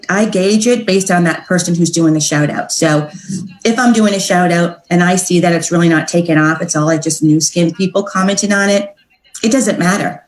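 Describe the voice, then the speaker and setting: An upbeat, chatty woman talks through her sales approach like a relaxed coaching session. She slips into a brighter, higher voice when she acts out the messages she sends. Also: roomy sound, poor audio. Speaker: direct sales team trainer. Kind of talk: casual training talk.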